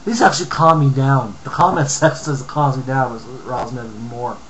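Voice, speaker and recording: A man's voice: medium pitch, brisk, fairly bright tone, a little hiss or hum, low-quality recording. A man from Canada ranting angrily on a home vlog, reading comments aloud with lots of profanity and mumbled asides. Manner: angry, profane, heated rant with mumbled asides. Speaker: vlogger.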